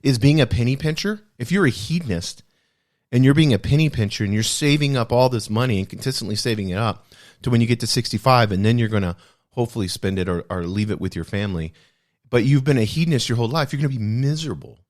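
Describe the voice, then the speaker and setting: A man's voice: medium pitch, expressive, fast talker, darkish tone. A man hosting a podcast, discussing a self-help book in an earnest, reflective way and repeating key phrases for emphasis. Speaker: podcast host.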